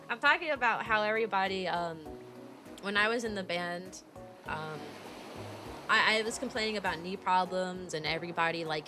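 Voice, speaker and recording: Woman in her twenties, streamer, rambling storytelling, lots of fillers, indignant, music playing behind. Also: fairly low pitch. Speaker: VTuber streamer. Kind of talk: casual storytelling rant on stream.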